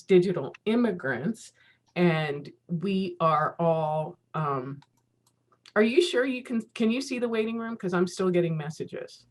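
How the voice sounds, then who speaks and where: A woman's voice: fairly low pitch, a little mellow. A woman in her fifties giving a casual keynote talk over a video call, chatty and laughing often at herself. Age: 50s. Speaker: keynote speaker.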